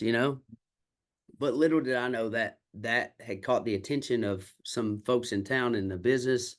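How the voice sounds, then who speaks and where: A man with a drawl, a country songwriter, spins stories about his road to music in a casual chat. His voice sits at an ordinary middle pitch, and he tells it in a candid, salty way, playing out each quoted exchange as he goes. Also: moderate pace. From Kentucky. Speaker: country singer and songwriter guest. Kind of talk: casual storytelling interview.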